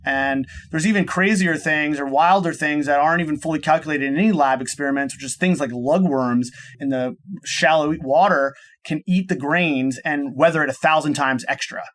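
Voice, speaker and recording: A man's voice: fairly high pitch, moderate pace, hardly any pauses, fairly bright tone. Eager man explaining with many restarts. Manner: enthusiastic, rambling with many restarts and "and so". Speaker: podcast guest, startup cofounder. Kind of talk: casual explanatory interview talk.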